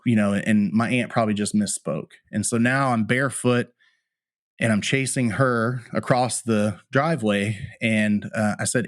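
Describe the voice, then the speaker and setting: A firefighter and paramedic appears as a podcast interview guest, candidly and plainspokenly retelling a painful personal story with emotion. His voice is on the low side with fairly even intonation and a slightly slow pace, recorded dry with clean studio sound.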